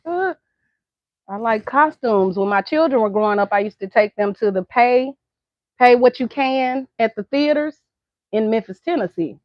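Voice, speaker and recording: With lively intonation and a slightly high voice at normal speed, a middle-aged Southern American woman chats casually to her vlog viewers, laughing often. The sound is dry, dull and lo-fi.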